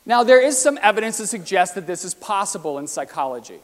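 A man's voice: sits high, very animated, fast talker. A man presenting a talk with slides, explaining ideas and asking his listeners many rhetorical questions. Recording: long hall reverb.

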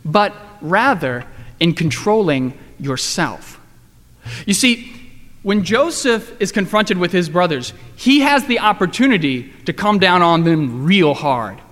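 A man pastor giving a sermon, swinging between emphatic lines and hushed, slow emphasis. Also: high-pitched, expressive. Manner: dynamic preaching, rising and dropping to quiet emphasis. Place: church. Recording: long reverb of a large room.

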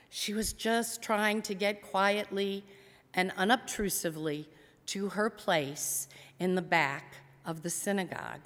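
A woman pastor preaching a sermon, retelling a story with dramatic pauses in a church sanctuary. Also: medium pitch, a bit bright. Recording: long church reverb.

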